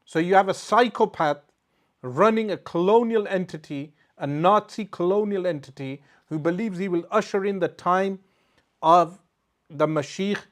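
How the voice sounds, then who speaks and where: A man's voice: high-pitched, normal speed. A man, an Islamic scholar, giving a religious lecture to a live audience and recounting a story with emphatic delivery and rhetorical questions.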